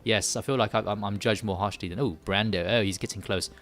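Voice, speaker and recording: A man's voice: lowish voice, steady tone, fast, a bit bright, faint music behind. A man from the UK hosting a live game stream, rambling and joking with many restarts and fillers. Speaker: gaming livestream host. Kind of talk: casual live stream chat.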